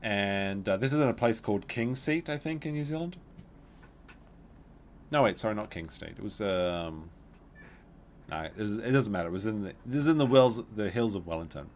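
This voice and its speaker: A man's voice: lowish voice, normal speed, long pauses, a little hiss or hum. A man telling a long rambling story while streaming a game, with frequent restarts and asides. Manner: rambling, animated, with many restarts. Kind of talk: casual livestream storytelling.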